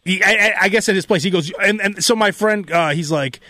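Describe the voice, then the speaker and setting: Animated high-voiced man telling a story. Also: fairly quick, no echo. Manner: animated, mimics people in quotes. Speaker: radio host. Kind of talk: casual storytelling chat. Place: radio studio.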